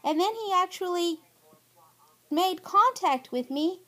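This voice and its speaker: High-voiced, aggrieved woman. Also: animated, slow, pushed and bright. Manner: aggrieved, emphatic, pleading. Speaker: vlogger. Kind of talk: spoken personal statement.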